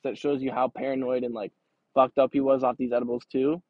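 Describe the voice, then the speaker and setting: A man's voice: mid-range voice, little pitch movement, fast, no echo, narrow, tinny audio. A young man hosting a podcast, telling a long rambling story in casual, profane talk, often with laughter. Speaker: podcast host.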